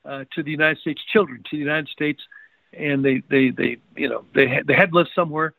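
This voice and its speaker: A man's voice: a little high, steady tone, brisk, vocal fry, sharp tone, no echo. A man being interviewed as a guest, telling a story emphatically and often repeating words as he restarts his sentences. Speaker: guest researcher. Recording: dry tinny phone-like line.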